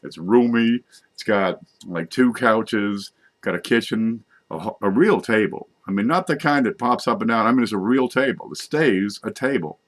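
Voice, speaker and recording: Man, middle-aged, slightly low voice, folksy, rambling, joking monologue. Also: moderate pace. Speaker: vlogger.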